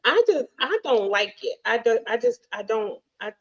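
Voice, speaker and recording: A woman's voice: fairly high pitch, expressive, moderate pace, lo-fi sound, a crowd in the background. A woman co-hosting a casual chat podcast, ranting bluntly and often restarting her sentences. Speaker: podcast co-host.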